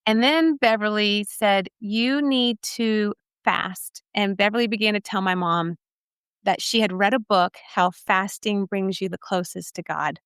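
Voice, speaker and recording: A woman's voice: medium pitch, normal speed, a bit bright, clean tone, no room sound, studio quality. A woman from Texas, a podcast guest telling her life story in an earnest, emphatic way. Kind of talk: personal testimony storytelling.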